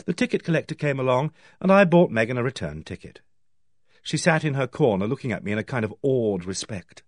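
A man reading an audiobook in the first person, with a measured, wry delivery. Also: medium pitch, sing-song, no room sound, clean studio sound. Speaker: audiobook narrator. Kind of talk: audiobook narration.

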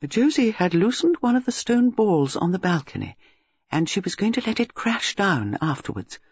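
A man reading an audiobook, voicing a shrewd, gentle elderly spinster sleuth in a soft, measured way. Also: high voice, very animated, breathy edge, no room sound, muffled recording, heavily acted. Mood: quietly explaining. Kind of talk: audiobook character voice.

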